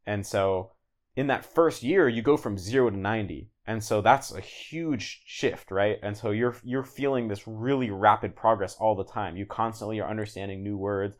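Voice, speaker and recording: Low-voiced man, casual and rambling. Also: normal speed. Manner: relaxed, rambling, many "like"s and restarts. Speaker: guest, language learner. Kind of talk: casual podcast interview.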